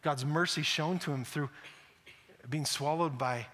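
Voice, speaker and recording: A man's voice: fairly high pitch, a little slow, a bit bright. A male pastor preaching a conversational sermon, acting out quotes and often repeating words. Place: church sanctuary. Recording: echoey church hall.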